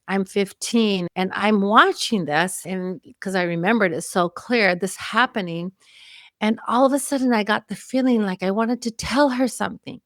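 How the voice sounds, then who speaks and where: A woman's voice: medium pitch, dry recording, clean studio sound. A woman in her fifties from Mexico, a podcast guest telling a personal story earnestly and with emotion. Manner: earnest, emotional, vividly reliving memories.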